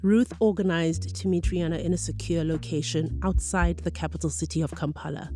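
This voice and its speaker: A woman narrating a radio documentary in a measured, clear storytelling manner. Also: fairly low pitch, steady tone, mellow, faint music behind.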